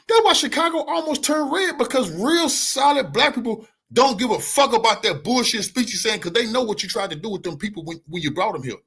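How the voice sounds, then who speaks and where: A man's voice: high-pitched, fairly bright tone, husky. A man giving a heated, profane commentary rant as an online news commentator. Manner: angry, profane, preachy.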